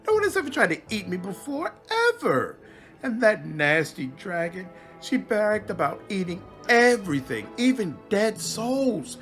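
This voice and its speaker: A man's voice: sits high, very animated, measured pace, fairly bright tone, soft background music, pitched above the performer's own voice, exaggerated voice. A man voicing a vain female swamp demon queen who is petulant, whiny and awkwardly flirtatious.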